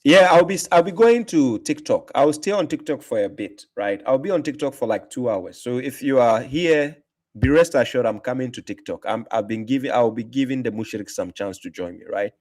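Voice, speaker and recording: Male livestream host, combative and mocking, medium pitch, casual rambling delivery. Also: animated, normal speed, darkish tone. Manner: combative, mocking, repeats himself for emphasis. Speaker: livestream host answering comments.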